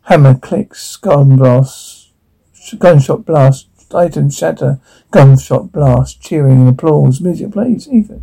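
A man reading a transcript aloud, slow and halting, stumbling over words. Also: on the high side, vocal fry, dark tone, slightly rough, low-quality recording. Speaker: reader.

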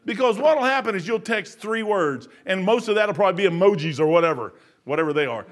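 An older man preaching a folksy sermon, telling stories and swinging from quiet muttering to loud, emphatic lines. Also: high voice, lively intonation, fast.

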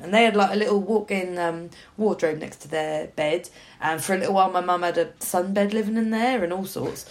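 A woman from Norfolk in her thirties, co-hosting a podcast and telling a story in an animated, casual way, swearing freely and slipping into voices for her parents. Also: mid-range voice, brisk. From Norfolk, England. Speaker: podcast co-host. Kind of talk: casual chat.

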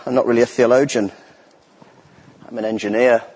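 A middle-aged lay preacher delivers a sermon in a church, earnest and emphatic, repeating key phrases for weight. His voice is medium-pitched, husky and darkish, with a flat, brisk delivery. The recording comes from an echoey church hall with long reverb.

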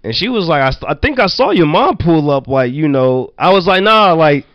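A man from Virginia telling childhood stories in casual chat, loose and profane, full of "like" and quick laughs. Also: a little high, very animated, no echo, muffled recording. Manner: loose, profane, laughing anecdotes with many "like" fillers. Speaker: storyteller.

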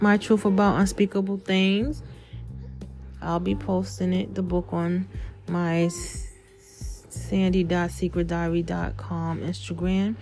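A chatty woman hosts a casual book podcast. She rambles through recommendations full of fillers and spells out names letter by letter. Her tone is dark and mellow, her voice is worn dry, and faint music plays underneath. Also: fairly low pitch. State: losing her voice, dry throat. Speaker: podcast host.

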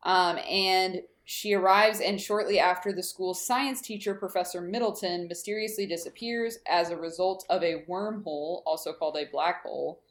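A woman's voice: on the low side, steady tone, normal speed, hardly any pauses. Chatty woman recapping a show. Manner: chatty, many fillers like "like" and "um". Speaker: podcast co-host. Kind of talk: casual chat recapping a TV show.

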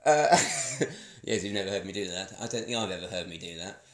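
A man's voice: deep voice, lively intonation, fairly quick, reverberant, a little hiss or hum. A man from Essex with a posh-sounding English accent, chatting casually as a podcast co-host, with frequent restarts and laughs. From Essex, England. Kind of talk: casual chat.

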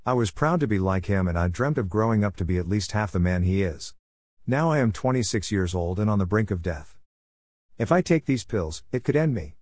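A man with a low voice reads a first-person story in an earnest, reflective way. The recording is dry and close, without room echo. He tells it steadily as a storyteller. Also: lively intonation, a little fast, darkish tone. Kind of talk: scripted first-person narration.

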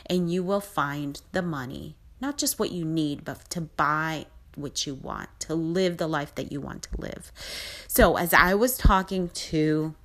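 A middle-aged woman hosts her own podcast, talking in a low voice. She rambles through a personal story with restarts and asides. Her tone is upbeat and motivational. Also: fairly bright tone. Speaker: podcast host. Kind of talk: casual storytelling monologue.

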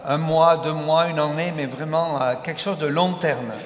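An older man with a French accent delivers a sermon in short measured phrases with hesitant fillers, waiting between them for his interpreter. His voice sits a bit high for a man. The church sanctuary rings with a long, roomy echo. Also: fairly even intonation. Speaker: visiting pastor. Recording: echoey church hall.

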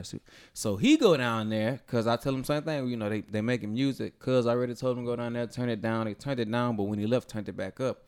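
A man's voice: mid-range voice, fast talker, smooth. A man on a podcast, telling a story in casual, profane chat and acting out the people in it. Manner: animated, profane storytelling with voiced quotes. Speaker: podcast host.

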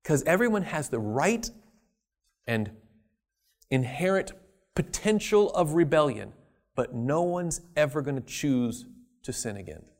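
A man preaching a sermon, stressing key words loudly and then dropping to quiet asides. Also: fairly high pitch, animated, a little slow, pauses often. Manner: emphatic, swinging between loud stresses and quiet asides.

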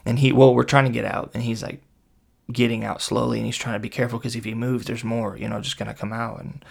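A man's voice: mid-range voice, quick pace, gravelly. A young man casually telling a rambling story, full of fillers and acted-out quotes. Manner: rambling, animated, lots of fillers, acts out quotes.

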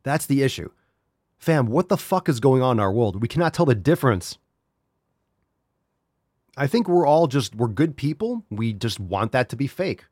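A man hosting a podcast, talking in an exasperated, profane way straight to his listeners. His pitch sits in an ordinary middle range for a man. The sound is close and dry, with no room to it. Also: very animated, normal speed, long pauses, darkish tone, dry recording. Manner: exasperated, swears freely, talks straight to his audience. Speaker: podcast host. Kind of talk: casual profane commentary.

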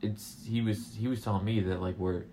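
A young man with a notably deep, low voice talks loosely with a friend on their homemade podcast. He circles around his points, restarting sentences and leaning on fillers as he goes. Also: fairly even intonation, moderate pace, dark tone, a little hiss or hum. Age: young adult. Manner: rambling, many restarts and fillers. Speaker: podcast co-host. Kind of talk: casual chat.

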